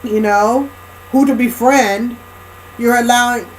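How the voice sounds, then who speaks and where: A woman's voice: fairly high pitch, fairly even intonation, slow pace, a little hiss or hum, rough recording. A woman speaking in a rambling spiritual lecture monologue, emphatic, often restarting and repeating phrases, checking in with the listener as she goes.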